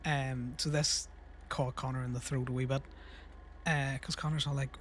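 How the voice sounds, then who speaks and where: A man's voice: medium pitch, little pitch movement, moderate pace, fairly bright tone, slight background noise. A young man casually rambling through a story while livestreaming a game, laughing and swearing freely. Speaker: streamer.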